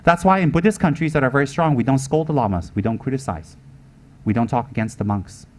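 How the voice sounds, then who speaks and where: This man is a fast talker with a medium-pitched voice, giving a Dharma teaching. His Buddhist talk is emphatic, full of repeated points and rhetorical questions.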